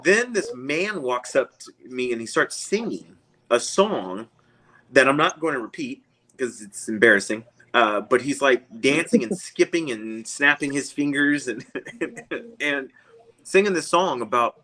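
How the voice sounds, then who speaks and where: A man's voice: mid-range voice, lively intonation, measured pace, sharp tone, rough recording. A man, a guest, telling a long personal story in a casual, rambling way and chuckling often.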